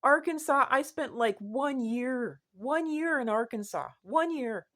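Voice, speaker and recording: A woman vlogger talking casually to the camera, rambling and repeating herself, with sudden animated rises in her voice. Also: on the high side, slow pace. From United States.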